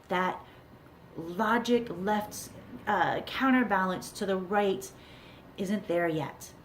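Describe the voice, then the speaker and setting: A middle-aged woman, a parenting coach, gives earnest advice straight to camera, repeating key words for emphasis. Her pitch is medium, with slight background noise.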